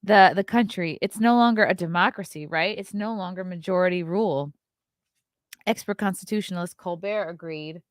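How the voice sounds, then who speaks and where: A woman's voice: on the low side, normal speed, no echo, clean studio sound. A woman hosting her own show, reading news stories aloud and breaking off for sarcastic, profane, scornful asides. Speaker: host.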